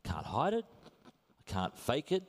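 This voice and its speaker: A middle-aged Australian man preaching a sermon in a relaxed, conversational way, telling stories with self-deprecating humor. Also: medium pitch, measured pace, husky.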